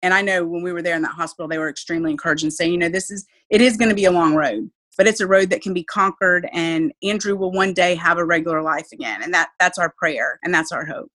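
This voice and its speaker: A woman's voice: on the low side, fast, few pauses, fairly bright tone. A woman, a mother speaking earnestly and with faith about her child's illness in an interview. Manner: heartfelt, faith-filled, earnest. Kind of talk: emotional personal interview.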